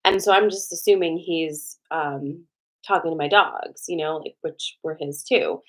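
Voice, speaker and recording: A woman host telling a personal story to viewers in a casual, animated way, with a lot of swearing and "like" fillers. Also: low-pitched, unhurried.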